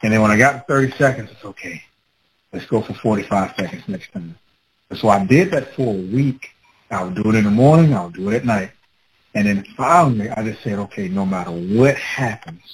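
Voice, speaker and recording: Animated storytelling man, faint background hiss. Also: lowish voice, a little fast, rough recording. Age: adult with children. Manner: animated, laughing, acts out his own past words. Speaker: guest telling a personal story. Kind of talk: casual personal storytelling.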